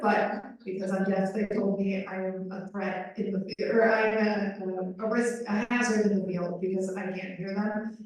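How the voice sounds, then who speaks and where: A woman's voice: medium pitch, a little mellow. Woman voice interpreter for a live panel, conversational with "um"s, heard from far off in a very echoey room. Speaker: sign language voice interpreter.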